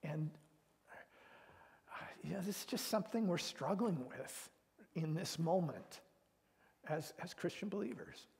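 Man, pastor, sermon, earnest and conversational, slightly high voice, long reverb. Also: animated, a little slow, vocal fry, pauses often. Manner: earnest, conversational, drops to hushed tones.

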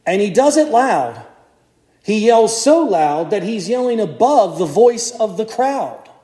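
A man's voice: high voice, unhurried. Man preaching in an echoey church. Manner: animated storytelling, acts out crowd voices. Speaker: priest. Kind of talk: sermon.

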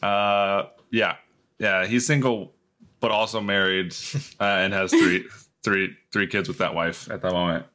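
A man's voice: low voice, fairly even intonation, measured pace, pushed and bright. A man co-hosting a podcast in casual chat, joking and laughing often. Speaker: podcast co-host.

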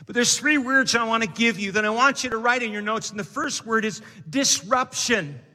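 A man preaching a sermon to a church, reading scripture and building to shouted emphasis. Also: very high-pitched, normal speed. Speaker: pastor. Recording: long hall reverb.

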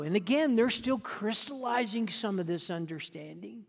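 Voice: mid-range voice, expressive, moderate pace, creaky, hardly any pauses. A preacher delivering a sermon in an earnest, emphatic way, often restarting phrases as the points build. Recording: long reverb in a large hall.

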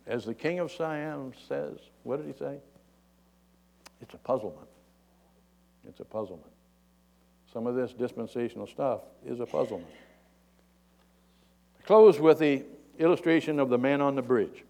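A man's voice: mid-range voice, moderate pace, vocal fry, mellow. A male preacher giving a folksy, conversational sermon.

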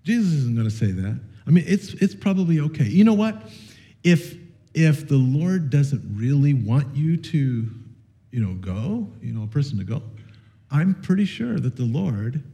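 A man's voice: on the high side, moderate pace, creaky. A man preaching a sermon to his congregation, telling a story and calling on listeners, conversational with frequent fillers and restarts. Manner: animated, storytelling with audience participation. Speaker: pastor.

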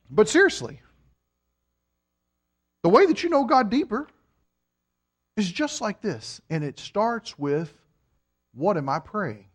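A man delivers a sermon to his congregation in a high voice that leaps all over its range. He teases and jokes with the listeners between points, then swells each point to an emphatic close. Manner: animated, joking with the congregation, rising to emphatic peaks. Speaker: preacher.

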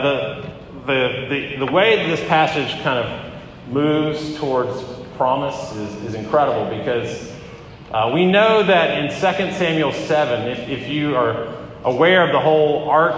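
A pastor giving a conversational sermon, often pausing with fillers and restarting his phrases. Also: medium pitch, fairly bright tone, a little hiss or hum. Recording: echoey hall with long reverb.

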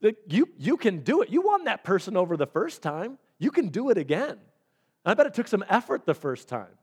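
A man's voice: sits high, brisk, husky. A man preaching a sermon as a pastor, talking conversationally and acting out little dialogues. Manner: animated, conversational, acts out dialogue.

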